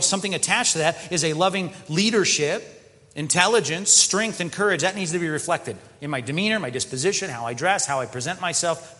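A man preaching a sermon as pastor, animated, often slipping into mock quoted voices. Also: on the high side. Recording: long hall reverb.

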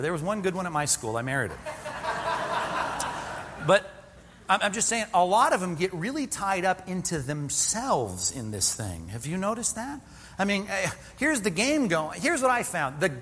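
A man's voice: sits high, fairly bright tone, long reverb tail, slight background noise. A man preaching a sermon as a pastor, conversational and joking, full of rhetorical questions. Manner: conversational, self-deprecating humor with rhetorical questions.

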